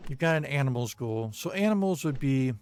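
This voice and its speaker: A man giving casual gameplay commentary, reading viewer comments aloud in a halting way with many ums and uhs and the odd chuckle. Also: mid-range voice, animated, darkish tone, smooth, faint music behind. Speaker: gaming video creator.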